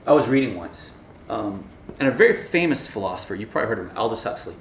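A man's voice: lowish voice, fast talker. A man giving a sermon to students, telling stories with humor and acting out the voices in them. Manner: animated, acts out voices in his stories. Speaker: campus minister giving a talk. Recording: echoey room, mic at a distance, faint noise.

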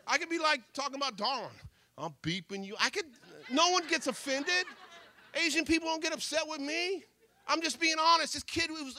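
A man in his fifties, a motivational speaker telling a story with energy, repeating his phrases and swinging between hushed and loud. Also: extremely high pitch, dry recording.

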